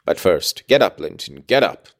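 A man reading aloud, voicing a cruel, scornful middle-aged father in a low, curbed, menacing tone. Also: big pitch swings, normal speed, exaggerated voice.

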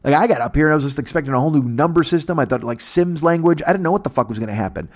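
A man from the United States, a podcast host, telling a comic story in a profane, animated way. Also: a little high, very fast, few pauses. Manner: profane, animated, acts out every voice.

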